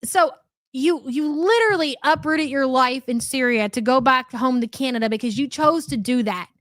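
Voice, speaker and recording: A woman's voice: sits high, normal speed, fairly bright tone, dry recording, studio quality. A woman hosting a live commentary stream, chatty and sarcastic as she reacts to clips and thanks viewers. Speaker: livestream commentary host.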